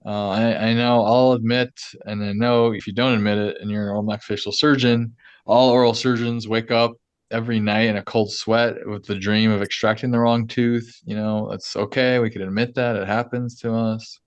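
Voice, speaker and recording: A man's voice: lowish voice, level tone, moderate pace, clear, resonant tone, dry recording, dull audio. A man hosting a podcast, telling a story in a chatty, loose way with lots of fillers and laughs. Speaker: podcast host. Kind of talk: casual chat.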